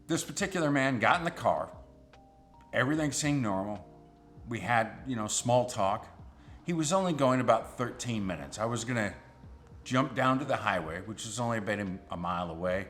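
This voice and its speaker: Low-voiced man telling a tense story. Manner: animated, suspenseful retelling. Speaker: rideshare driver. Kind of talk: personal storytelling.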